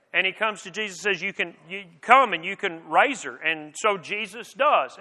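A man's voice: sits high, sharp tone. A man preaching a sermon in an earnest, conversational way, with frequent restarts and rhetorical questions. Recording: long reverb of a large hall.

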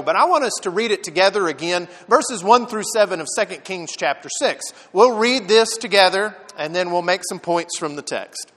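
A man preaching a sermon, telling the story with lively dramatic emphasis. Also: high voice, big-room sound. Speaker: pastor.

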